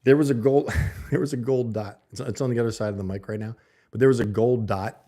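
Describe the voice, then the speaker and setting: A man with a medium-pitched, steady, warm voice talks fast as he hosts a livestream, chatting loosely with viewers and reading their comments aloud. He's speaking into a desk mic held close to his mouth in a home streaming setup.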